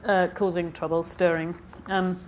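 A woman's voice: fairly low pitch, little pitch movement, a little slow, slight background noise. A woman novelist reading from her book at a live event, with chatty, hesitant asides between passages and a slight frog in her throat. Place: festival stage.

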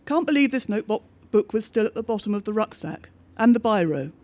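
High-voiced man reading a bleak diary. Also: lively intonation, a little mellow. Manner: measured, understated diary reading. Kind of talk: scripted narration of a diary story.

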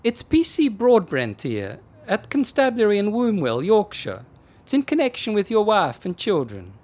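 A man reading aloud and voicing a weary, deadpan male policeman on the night desk in a storybook. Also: high voice, moderate pace, pitched above the performer's own voice, exaggerated voice.

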